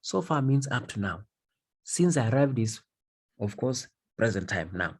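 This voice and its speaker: A male English teacher explains grammar in a husky, breathy voice. He repeats key phrases for emphasis and keeps asking whether his students are following. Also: medium pitch, big pitch swings, unhurried, a little mellow. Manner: repetitive, emphatic, checks understanding. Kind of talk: grammar lesson.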